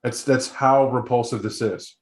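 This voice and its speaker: A man's voice: mid-range voice, steady tone, normal speed, darkish tone. Casual man running a tabletop game, echoey room. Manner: casual, rambling narration with many fillers. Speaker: game master. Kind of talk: narrating a tabletop role-play game.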